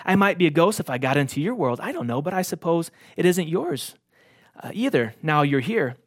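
A man voicing a young male king who is eager and full of joy, talking in a bright, brisk way while reading a story aloud. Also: a little high, animated, no room sound, clean studio sound. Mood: eager joyful.

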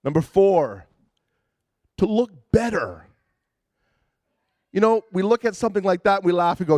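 A man's voice: high-pitched, lively intonation, normal speed, long pauses, a little mellow, dry recording, studio quality. A man preaching a sermon in a conversational, self-deprecating way, often restarting his sentences. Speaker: pastor.

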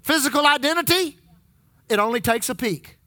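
A man preaching a sermon in a very high, piercingly bright voice. He keeps calling out for amens and repeats key lines for emphasis. His voice sounds close and completely dry. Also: animated, moderate pace, no room sound. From Texas. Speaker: pastor.

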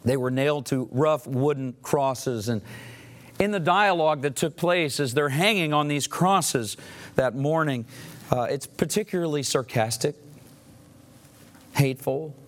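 A man's voice: on the high side, measured pace. Man preaching a dramatic sermon. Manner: dramatic storytelling, voicing quoted lines. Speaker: pastor.

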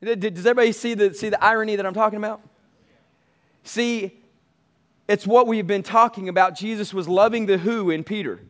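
A man's voice: sits high, steady tone, a little fast, a bit bright. A man preaching a sermon as pastor, emphatic and repetitive, calling out to his congregation.

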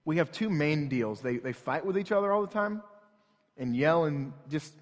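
A man's voice: on the high side, expressive, moderate pace. A man in his thirties preaching a sermon in a church, telling a story in an earnest, conversational way. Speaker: pastor. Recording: long hall reverb.

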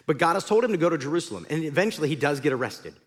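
A man preaching a sermon as pastor, in an animated, conversational storytelling way. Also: on the high side, racing.

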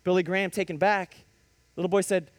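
A male preacher delivering a lively sermon, telling stories and rising to sudden emphatic bursts. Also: sits high, fairly quick, no echo. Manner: animated preaching with storytelling and sudden emphatic rises.

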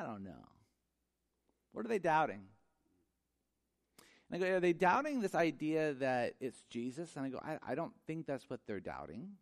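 A man preaching a sermon in a conversational, animated way, acting out little quoted exchanges and at times dropping to a soft, quiet voice. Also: medium pitch. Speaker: pastor.

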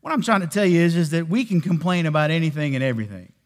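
A man's voice: a little high, expressive, very fast. A man preaching a sermon, telling stories with jokes and acting out the voices of the people in them. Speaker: pastor. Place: church sanctuary. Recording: long reverb of a church hall.

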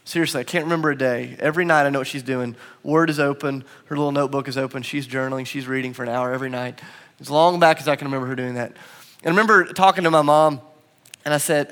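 A man's voice: on the high side, fast talker, a bit bright. A young adult man preaching a sermon to a congregation in a church, telling personal stories in an earnest way and rising into emphatic swells. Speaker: pastor. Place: church sanctuary before a congregation.

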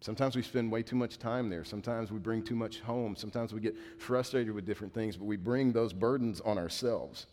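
A male pastor preaching a conversational sermon, dropping to a hushed voice when quoting. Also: on the low side, brisk, few pauses, a little hiss or hum. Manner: conversational preaching, drops to a hushed voice for quoted words. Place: church sanctuary. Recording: reverberant church hall.

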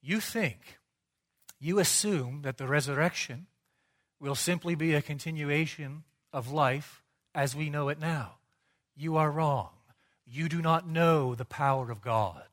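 Emphatic male preacher, fairly high voice. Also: measured pace. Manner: emphatic, rhetorical, swings from quiet to loud. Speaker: pastor. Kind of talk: sermon.

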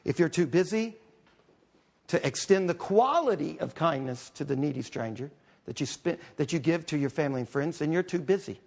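A middle-aged man, a pastor, preaching a conversational, humorous sermon with quick asides. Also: a little high, expressive, creaky.

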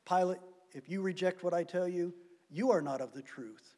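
Man, pastor, sermon, high voice, long hall reverb. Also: normal speed. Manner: emphatic preaching, swinging between loud stresses and quiet drops.

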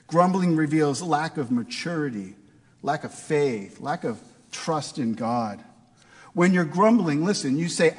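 A man's voice: fairly high pitch, lively intonation, unhurried, husky, long reverb tail. A man preaching a sermon in a conversational way, asking his listeners rhetorical questions. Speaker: pastor.

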